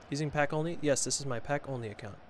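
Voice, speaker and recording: A gaming streamer with a mid-range voice gives casual live commentary, reading chat and answering it while making sarcastic, self-mocking jokes about his gameplay. There's a slight hiss or hum in the audio.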